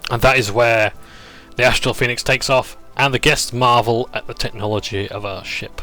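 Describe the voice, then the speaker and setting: A man's voice: medium pitch, fairly even intonation, moderate pace, sharp tone, faint music behind. A man casually recapping a tabletop campaign session, rambling and chuckling as he goes. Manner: rambling, chuckling, self-interrupting.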